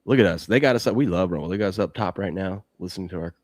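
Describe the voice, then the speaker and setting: A man hosting a sports betting show, chatting casually and telling animated stories. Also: sits low, no room sound. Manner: animated storytelling, reads ad copy quickly.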